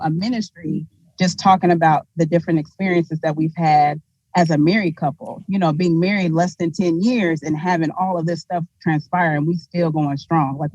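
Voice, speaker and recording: A woman's voice: on the low side, a little mellow, no echo. A woman in her thirties on a family video call, chatting in an upbeat, faith-minded way. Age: 30s. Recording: dull lo-fi video call audio.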